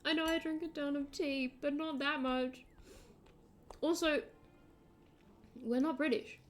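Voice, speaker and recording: An Australian woman streaming a game, chatting casually in an excitable, rambling way. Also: high-pitched, unhurried. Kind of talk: casual chat while gaming.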